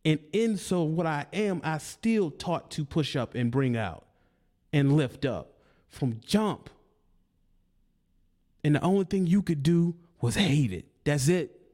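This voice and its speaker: A man who comments online goes after a rival in a confrontational, preachy monologue, full of taunts and repetition. His fairly high voice is animated yet unhurried, with a slightly mellow quality.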